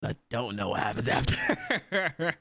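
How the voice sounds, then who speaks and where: A man reacting to an anime episode in casual commentary, swearing and laughing often and jumping into high yelps when startled. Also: huge pitch swings, slow pace, gravelly, bright, forceful tone, husky, no echo, studio quality. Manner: frequent laughter and profanity.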